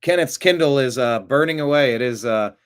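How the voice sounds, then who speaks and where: A man's voice: mid-range voice, lively intonation, brisk, clean tone. A man hosting a live stream, chatting casually and reading viewer comments with rambling, jokey asides. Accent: American. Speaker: show host.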